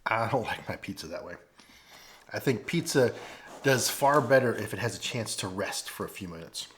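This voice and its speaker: A chatty man with a St. talks through a food review, his pitch rising and falling a lot. He sounds folksy and easygoing, and he breaks off here and there to taste something. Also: animated, normal speed, a bit bright, slight background noise. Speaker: food vlogger. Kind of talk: casual food review vlog. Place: at home.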